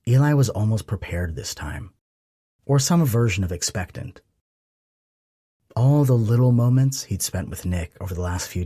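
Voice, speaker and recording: A man narrating an audiobook romance in a soft, intimate reading. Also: sits low, slightly rough, no room sound, studio quality. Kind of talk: scripted narration.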